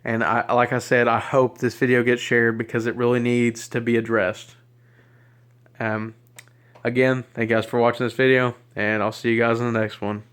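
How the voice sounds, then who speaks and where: A Southern-accented man rants into a handheld camera, upset and agitated. He rambles and trips over his words, repeating them as he goes. His voice sits at an ordinary middle pitch for a man. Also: little pitch movement, normal speed, a bit bright, clear, resonant tone. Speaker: YouTuber. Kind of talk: ranting to camera. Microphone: handheld camera mic.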